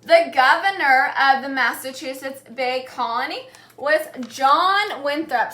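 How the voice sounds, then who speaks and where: A woman teacher with a high, bright voice leads a call-and-response lesson. She speaks slowly and clearly, pausing so the class can echo each key word. The room rings with noticeable echo.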